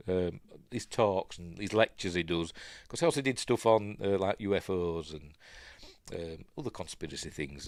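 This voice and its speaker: An older man with a Yorkshire accent talks through his favourites in a loose, rambling way, often chuckling and drifting off to check details. His voice sits low but leaps around a great deal in pitch. The sound is dry and close. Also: fairly bright tone, dry recording. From Yorkshire, England. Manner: rambling, chatty, laughs often, trails off to look things up. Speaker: podcast host. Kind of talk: casual solo chat.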